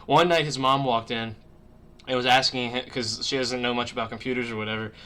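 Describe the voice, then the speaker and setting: A young man with a bright, forward voice chats casually on a livestream. He rambles, swears freely and leans on fillers, talking into a webcam mic on a call from his room at home. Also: mid-range voice, fairly even intonation, fairly quick. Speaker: streamer podcast host. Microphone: webcam mic on a video call.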